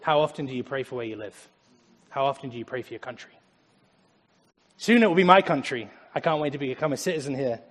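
A young man preaching a lively sermon in a church, laughing often as he talks. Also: medium pitch, quick pace, in a large hall. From Germany. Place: church sanctuary.

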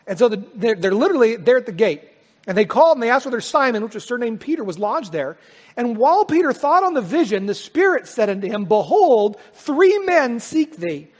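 Man, pastor, high-pitched, conversational sermon, emphatic restarts, reverberant sanctuary. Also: sing-song, quick pace, a little mellow. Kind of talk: sermon with scripture reading. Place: church sanctuary. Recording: long hall reverb.

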